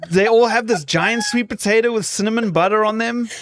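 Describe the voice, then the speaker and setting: A man co-hosting a casual podcast with his partner, joking and playfully mimicking loud restaurant staff. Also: high voice, a little fast, slight background noise. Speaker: podcast co-host. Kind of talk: casual chat.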